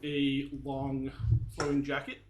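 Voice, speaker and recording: A man running a tabletop game as game master, describing the scene slowly and with pauses. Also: mid-range voice, monotone, a little hiss or hum. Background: music.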